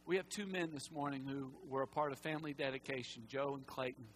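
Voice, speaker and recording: A male pastor preaching a sermon in a church, impassioned and swinging from loud to hushed, and at times close to tears. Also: mid-range voice, quick pace, a little hiss or hum, poor audio. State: emotional, near tears. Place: church sanctuary.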